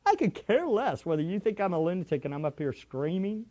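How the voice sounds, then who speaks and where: A middle-aged man preaching a sermon, shifting from quiet asides to fervent shouting. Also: high voice, very animated, fairly quick, highs cut off. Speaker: pastor.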